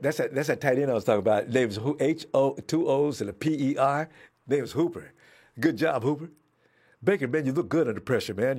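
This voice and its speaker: A man reacting live to a football game, excitable, talking at the players on screen and trash-talking them. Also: medium pitch, husky. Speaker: football fan watching a game.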